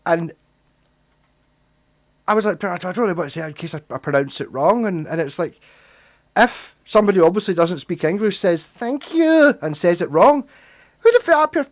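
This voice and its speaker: A man's voice: high-pitched, a little fast, long pauses. Sweary Glaswegian man chatting on a livestream. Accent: Glaswegian Scottish. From Scotland. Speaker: livestream host. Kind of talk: casual livestream chat.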